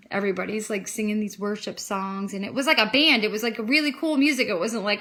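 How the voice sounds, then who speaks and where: Home vlogger, female, bright tone, candid storytelling that swells with emotion. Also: mid-range voice, moderate pace. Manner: emotional, gets loud and excited at key moments. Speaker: vlogger sharing her faith testimony. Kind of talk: casual personal storytelling.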